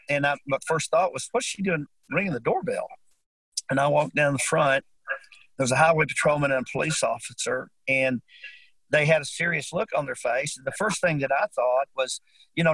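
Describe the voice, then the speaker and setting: An older man tells his story as an interview guest, earnest and often circling back to repeat a phrase. His voice sits a bit high for a man. The sound is close and dry, with no room around it. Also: a bit bright, no room sound, poor audio. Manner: earnest, repeats himself when moved.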